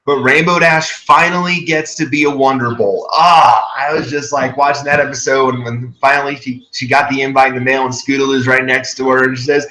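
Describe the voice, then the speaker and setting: An enthusiastic man talks through a casual episode review at a middling pitch, circling back and restarting his sentences as he goes. His voice rings around a reverberant room. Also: steady tone, a little fast, few pauses, bright, forceful tone. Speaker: podcast host.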